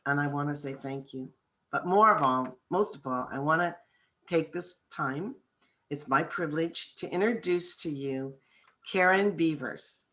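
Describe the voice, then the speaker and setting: A woman hosting a virtual event, telling a heartfelt story in an earnest, unhurried way before introducing a guest. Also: low-pitched, sharp tone. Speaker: program organizer hosting the event.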